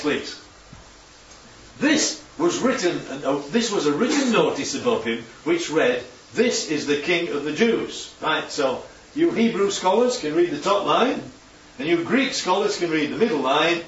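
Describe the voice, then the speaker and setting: A man's voice: a little high, big pitch swings, normal speed. A man giving an informal Bible teaching talk, chatty and full of tag questions. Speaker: preacher teaching from slides. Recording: echoey room, distant dull mic, faint hum.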